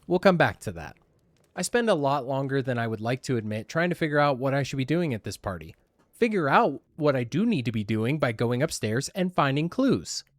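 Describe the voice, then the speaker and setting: Brief: male gaming narrator, casual and self-mocking, mid pitch, dead-dry close mic. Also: big pitch swings, brisk, no room sound. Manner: wry, self-deprecating, casually profane. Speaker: gaming channel host. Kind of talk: casual gameplay voice-over narration.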